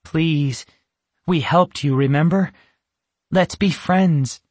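A man's voice: expressive, a little slow, no room sound, exaggerated voice. A man doing a flustered young girl. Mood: gentle pleading. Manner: breathless and flustered, higher and louder. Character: nervous young girl, anxious and eager.

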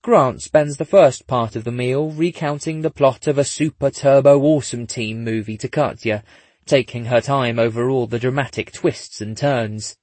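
A man narrating a story in a husky voice, dropping in dry, wry asides. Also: medium pitch, moderate pace, a little mellow, dry recording. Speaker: audiobook narrator. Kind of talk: scripted narration.

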